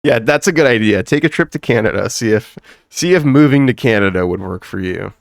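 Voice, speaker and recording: A man's voice: mid-range voice, lively intonation, a little fast, creaky, no room sound, studio quality. A man hosting a podcast in casual chat, joking, swearing and laughing often. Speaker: podcast host.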